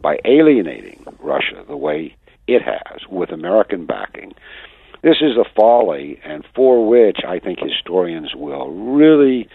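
A man's voice: deep voice, big pitch swings, a little slow, vocal fry, slightly rough, no echo. A man speaking as a guest commentator in a radio phone interview, in an emphatic, lecturing manner. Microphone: telephone. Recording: tinny dry phone line.

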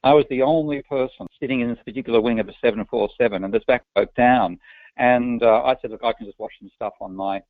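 An Australian man, appearing as a guest, answers interview questions frankly and with strong opinions, often restarting his sentences. He speaks quickly in a mid-range voice, with no echo and a dry, tinny phone-line sound.

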